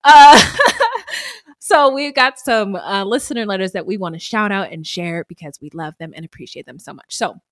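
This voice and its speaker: A woman co-hosting a podcast in casual chat, animated and blunt, swearing freely. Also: medium pitch, brisk, hardly any pauses, dry recording, clean studio sound. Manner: animated, swearing, bursting into laughter. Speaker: podcast co-host.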